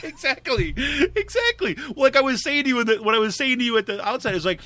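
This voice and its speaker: A man's voice: very high-pitched, big pitch swings, fast talker, pushed and bright. A man co-hosting a podcast, telling a story in casual chat, laughing often and acting out his own lines. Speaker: podcast co-host.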